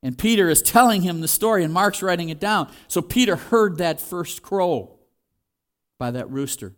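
A man's voice: high-pitched, lively intonation, normal speed. A man preaching a sermon in a conversational way, acting out the quoted voices as he goes. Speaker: pastor.

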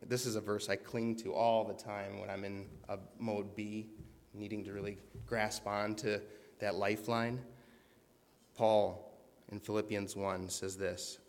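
A man's voice: lowish voice, little pitch movement, unhurried, in a large hall. A man preaching a sermon in an earnest, conversational way, reading scripture aloud with emphasis.

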